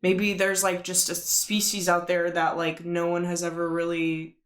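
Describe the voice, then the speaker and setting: A woman's voice: on the low side, completely flat delivery, normal speed. Casual woman in an echoey room. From Washington State. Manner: casual, hedging, heavy use of "like". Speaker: podcast co-host. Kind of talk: casual comedy podcast chat.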